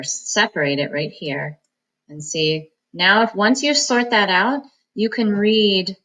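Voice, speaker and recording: This is a woman giving a phonics lesson, pitched a little low yet bright and crisp. She talks her students through each word, splitting it into syllables and sounding each one out with deliberate care. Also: rough recording. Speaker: reading teacher.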